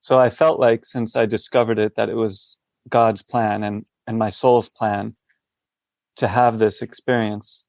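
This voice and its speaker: A man's voice: on the low side, level tone, unhurried, a little mellow, no echo, dull audio. A man speaking as a podcast guest from a hospital room, reflective and hesitant, with many fillers. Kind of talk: interview conversation.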